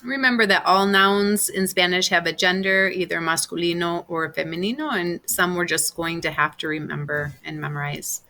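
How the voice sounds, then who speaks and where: A woman's voice: fairly low pitch, normal speed, few pauses, sharp tone. A woman teaching Spanish grammar in a recorded class, explaining patiently step by step with examples.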